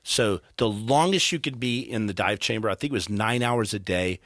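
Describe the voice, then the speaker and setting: A man in his thirties with a low voice recounts his story as a podcast guest, earnest and animated, often stumbling and restarting mid-sentence. The sound is dry and close, with no room around it. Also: normal speed, dry recording. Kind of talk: casual storytelling. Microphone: studio podcast mic.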